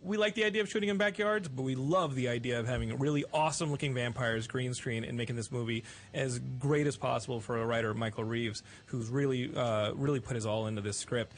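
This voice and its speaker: A man hosting a podcast, joking around loudly and teasing his guest, rambling with restarts. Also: mid-range voice, fast, a little hiss or hum. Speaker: podcast host.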